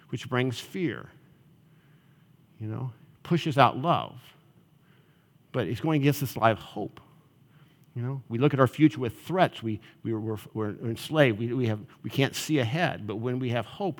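Conversational male preacher in a hall. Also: medium pitch. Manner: conversational, often asking the audience "right?". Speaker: pastor. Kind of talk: sermon. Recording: long reverb of a large hall.

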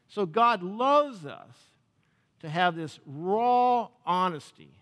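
In a large hall, a male pastor with a fairly bright, higher-pitched voice delivers a sermon. He keeps it conversational, often turning to ask the crowd questions.

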